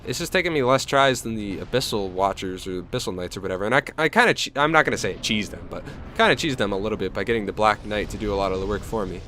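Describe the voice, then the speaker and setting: Animated man narrating his gameplay. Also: on the low side, quick pace, hardly any pauses, a little hiss or hum. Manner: chatty running play-by-play, self-mocking. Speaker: gameplay host. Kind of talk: let's play commentary.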